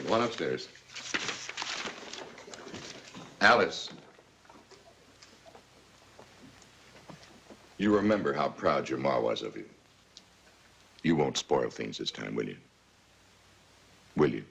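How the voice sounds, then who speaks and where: A man's voice: very deep voice, lively intonation, normal speed, vocal fry, long pauses, a bit bright, slightly rough, heavily acted. An actor playing a stern, fed-up middle-aged widowed father who scolds his daughter in a 1950s TV drama.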